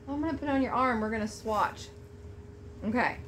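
A woman vlogger chatting to camera at home while unboxing a gift, gushing and excitable. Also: on the high side, brisk, background noise. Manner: gushing, excitable, Southern-style "y'all". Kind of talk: casual chat to camera.

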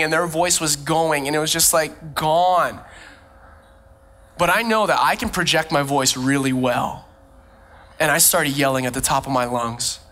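A man preaching a sermon as a pastor, who tells lively personal stories and laughs often. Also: on the high side. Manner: animated storytelling, frequent laughs.

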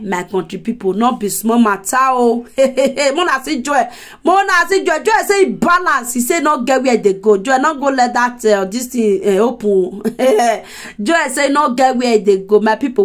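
A woman with a Nigerian accent giving casual gossip commentary, chatty and often laughing as she speaks straight to her viewers. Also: fairly high pitch.

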